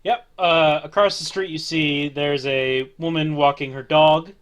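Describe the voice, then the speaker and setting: A man's voice: a little high, steady tone, measured pace, a bit bright. A man narrating a tabletop role-play as game master, easygoing and hesitant.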